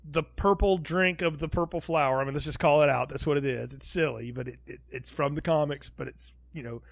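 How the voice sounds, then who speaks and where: A man with a notably high voice, recorded close and dry with no room sound. He chats casually as a podcast co-host reviewing a film, animated, laughing often and slipping into quick quoted asides. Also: gravelly, no echo.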